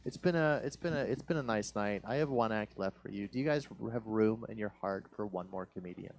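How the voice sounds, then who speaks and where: A man hosting a comedy show, introducing the final act in a casual, halting way with many fillers. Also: on the low side, loud music behind the voice. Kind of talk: introducing acts.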